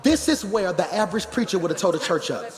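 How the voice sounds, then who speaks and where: High-voiced preacher man in a reverberant hall. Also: big pitch swings, quick pace. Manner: conversational preaching that builds to shouting. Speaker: pastor. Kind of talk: sermon. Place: large church hall. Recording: church hall reverb with music behind.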